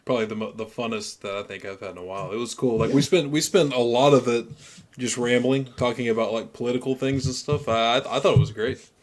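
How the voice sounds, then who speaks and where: A man's voice: medium pitch, steady tone, quick pace. A man co-hosting a podcast in casual chat, loose and enthusiastic with stammering restarts. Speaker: podcast co-host.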